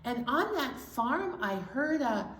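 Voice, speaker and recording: A children's librarian leading a story time poem, coaxing listeners to join in with animal sounds. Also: female voice, high-pitched, big pitch swings, slow, a bit bright. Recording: echoey room.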